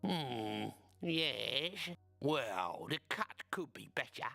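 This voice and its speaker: A man's voice: mid-range voice, very animated, extremely slow, gravelly, bright, forceful tone, dry recording, soft background music, exaggerated voice. An actor voicing an old, sardonic male servant in a video game, dry and condescending. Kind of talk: 1990s video game voice acting.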